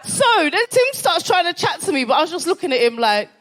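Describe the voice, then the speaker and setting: A woman's voice: high-pitched, sing-song, a little fast, hardly any pauses, fairly bright tone. Brash woman telling stand-up stories. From London. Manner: brash storytelling, swearing, tags lines with "right?". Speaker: stand-up comedian. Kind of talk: stand-up set at a live comedy club. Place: comedy club stage before a live audience.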